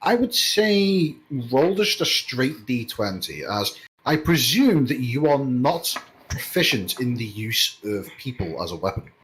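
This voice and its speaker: A man running a tabletop game as game master, giving measured rulings with a few hesitant fillers. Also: mid-range voice, very animated, fairly bright tone, low-quality recording.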